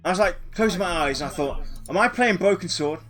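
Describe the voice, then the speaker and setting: A man in a casual group chat, thinking out loud and rambling a little. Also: sits high, expressive, fast talker, faint music behind.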